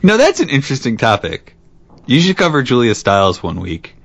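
A co-host in a casual chat, cutting in with teasing deadpan jokes. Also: medium pitch, a little fast. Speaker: podcast co-host.

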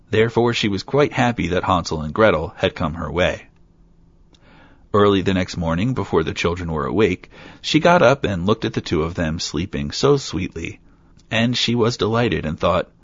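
A man reads a fairy tale aloud in a steady, plain way. His voice is low, gravelly and husky. The recording is dry and sounds dull. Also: normal speed, no room sound. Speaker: storyteller.

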